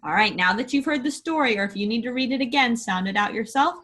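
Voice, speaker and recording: A woman teacher leading a phonics lesson for young children, slowly sounding out letters and words and praising the class often. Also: a little high, fairly bright tone.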